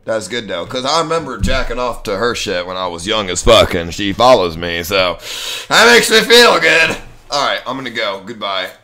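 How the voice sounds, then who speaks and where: A young man live-streaming in casual, profane chat, talking to himself excitably. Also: lowish voice, fairly quick, few pauses.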